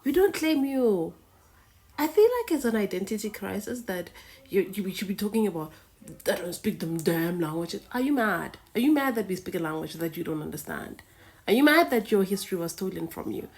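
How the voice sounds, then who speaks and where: A woman's voice: medium pitch, big pitch swings, fairly quick, darkish tone. A woman from Africa giving indignant, lecturing reaction commentary. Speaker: reaction video host.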